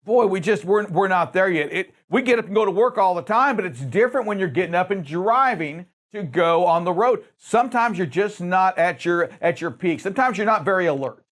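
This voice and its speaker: A man with a notably high speaking voice hosts a trucking safety show. He talks emphatically and addresses drivers directly, often stumbling over and repeating words. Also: lively intonation, a little fast, few pauses, fairly bright tone. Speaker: show host.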